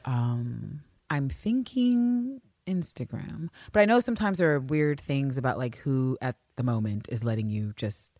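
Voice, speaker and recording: A woman co-hosting a podcast in casual chat, animated and swearing freely. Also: a bass voice, unhurried, hardly any pauses, dry recording, studio quality. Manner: animated, swears casually, swoops up when excited. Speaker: podcast co-host.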